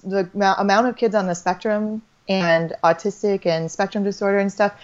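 A woman's voice: mid-range voice, fairly even intonation, moderate pace. Rambling woman in her thirties, lo-fi. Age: 30s. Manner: rambling, with many restarts and trailing phrases. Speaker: holistic doctor, guest. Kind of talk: casual faith-based conversation. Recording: slightly dull lo-fi audio.

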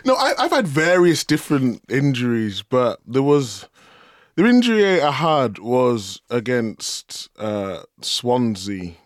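Brief: male podcast co-host, former player, mid-pitched, dry close sound, halting, searches for words. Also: big pitch swings, dry recording. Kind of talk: casual chat.

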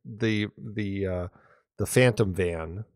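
A man's voice: on the low side, takes it slowly, a little mellow, dry recording. Enthusiastic man, dry close sound. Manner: enthusiastic, rambling with restarts. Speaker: podcast co-host. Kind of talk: casual film discussion.

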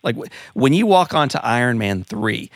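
A man's voice: mid-range voice, big pitch swings, normal speed, dry recording. Male host, earnest and reflective, dry and close to the mic. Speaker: podcast host. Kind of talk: interview conversation.

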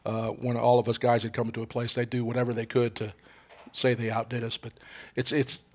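An older man with a gravelly, husky voice, telling hunting stories in a lively way and acting out the people in them. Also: mid-range voice, brisk. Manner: animated storyteller, acts out voices in quotes. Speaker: guest co-host, veteran turkey hunter. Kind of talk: casual storytelling chat.

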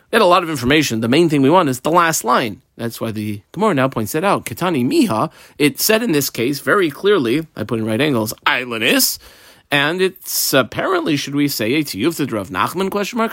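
A man teaching a Talmud page line by line, in a lively, sing-song study cadence. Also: fairly high pitch, dry recording, clean studio sound. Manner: explains line by line, mixing Hebrew and Aramaic terms. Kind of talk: Talmud lesson walkthrough.

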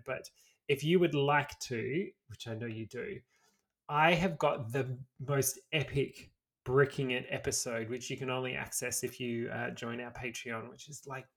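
A man's voice: mid-range voice, fairly bright tone. An Australian man co-hosting a podcast, reading a history story aloud and dropping into casual, sweary banter. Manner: storytelling read with swearing asides. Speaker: podcast co-host.

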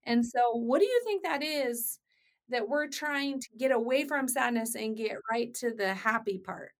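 Woman, 40s, podcast host, earnest, slight vocal fry. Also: a little high, moderate pace. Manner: earnest storytelling, quoting others. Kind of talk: conversational interview.

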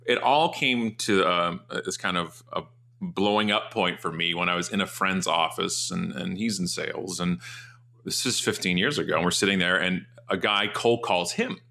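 A man speaking as an interview guest, with a lowish voice and a bright, forceful edge. He tells stories in an animated, emphatic way, leaping higher when he acts out what others said. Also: normal speed, vocal fry. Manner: energetic, emphatic, jumps up in pitch for acted quotes.

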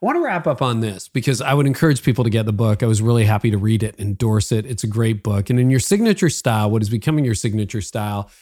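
A man's voice: on the low side, expressive, fast, few pauses, a little mellow. A man hosting a leadership podcast, asking interview questions in an easygoing, complimentary way. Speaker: podcast host. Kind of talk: interview conversation.

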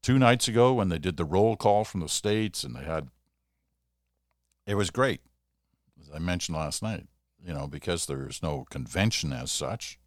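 In this studio-quality recording with no room sound, a low-pitched older man delivers a casual solo podcast monologue. He wanders from point to point, often making fun of himself as the host.

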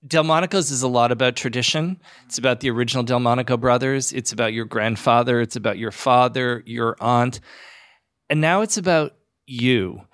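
A man's voice: medium pitch, a little fast, fairly bright tone. A man interviewing a guest, asking questions in a friendly way.

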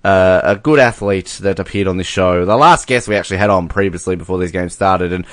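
A man's voice: deep voice, a little fast, a bit bright, dry recording. A man co-hosting a casual sports podcast, rambling and joking with many fillers. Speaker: podcast co-host.

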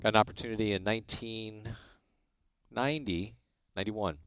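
A man's voice: fairly low pitch, normal speed, smooth. A man from Illinois telling stories from his career in a casual chat, acting out the voices of people he quotes. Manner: animated storyteller, acts out quoted dialogue. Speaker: guest. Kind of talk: casual storytelling.

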